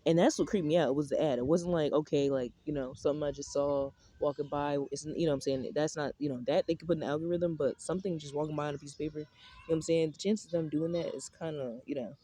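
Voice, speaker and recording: A man's voice: a little high, steady tone, fast talker, dark tone, dry recording. A young man rambling casually outdoors in a park, full of slang, swearing and filler words. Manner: rambling, profane slang-heavy talk with many fillers. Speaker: vlogger.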